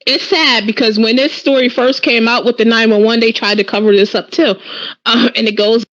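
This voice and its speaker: A woman's voice: fairly high pitch, steady tone, moderate pace, fairly bright tone, no echo, muffled recording. A woman speaking as a guest on a talk show panel, conversational and questioning. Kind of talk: casual discussion.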